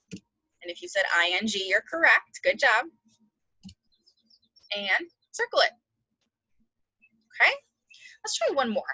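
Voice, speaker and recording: A woman teacher giving a phonics lesson to second graders, slowly sounding out words and spelling letters aloud. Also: mid-range voice, bright, forceful tone, slightly rough, dry recording, muffled recording.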